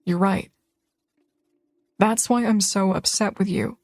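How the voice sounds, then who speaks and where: A woman reading an audiobook voices a hurt, quietly upset young man in a lower, subdued tone. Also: fairly even intonation, slow pace, no room sound. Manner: low, subdued and wounded. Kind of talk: audiobook character voice.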